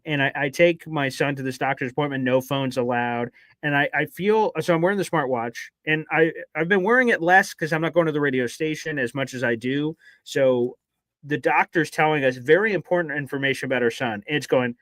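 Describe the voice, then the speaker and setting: Guy on a sports talk show, kinda high voice, dry close sound, acts out his own reactions. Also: fairly quick, a bit bright, no echo. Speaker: podcast co-host. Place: radio station studio.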